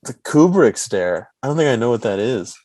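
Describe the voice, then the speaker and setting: Laughing, animated male podcast host. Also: moderate pace. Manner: laughing storyteller who acts out squeaky high character voices; frequent "like" and "right?" tags. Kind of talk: casual chat.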